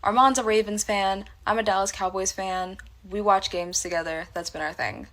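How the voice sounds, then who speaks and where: A woman's voice: mid-range voice, steady tone, moderate pace, a bit bright. Woman spilling a work story, blunt and candid, cusses freely, mid voice. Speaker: storyteller in a reacted-to clip. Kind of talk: casual storytelling to camera.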